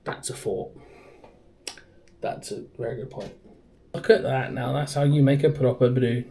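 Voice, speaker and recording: A man's voice: mid-range voice, steady tone, moderate pace, creaky, mellow, a little hiss or hum. A young man, chatting casually to camera in a home vlog, joking and laughing as he goes. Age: young adult. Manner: chatty, jokey, laughs often. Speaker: vlogger.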